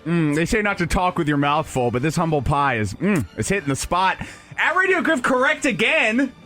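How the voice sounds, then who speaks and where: Upbeat man hosting sports talk, jokey and animated, quick to laugh. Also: on the high side, soft background music. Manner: lively, joking, laughs often. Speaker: radio show host. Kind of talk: casual sports talk radio chat.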